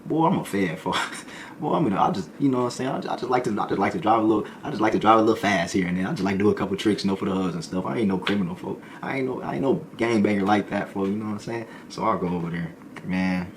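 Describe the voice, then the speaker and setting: Fast-talking deep-voiced man telling a story. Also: background noise. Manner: fast slangy storytelling, acts out voices of others. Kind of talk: casual storytelling.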